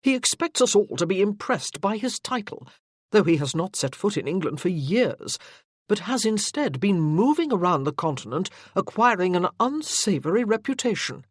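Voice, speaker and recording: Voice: mid-range voice, sing-song, moderate pace, dry recording, studio quality, pitched above the performer's own voice. A narrator voicing a jealous, irritated young army captain in an audiobook. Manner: irritated and stiff. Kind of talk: audiobook character voice.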